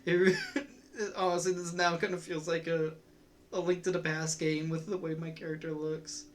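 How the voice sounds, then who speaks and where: A game streamer giving casual let's-play commentary, chatty and excitable, thinking aloud while playing. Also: mid-range voice, moderate pace, slight background noise. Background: faint game music.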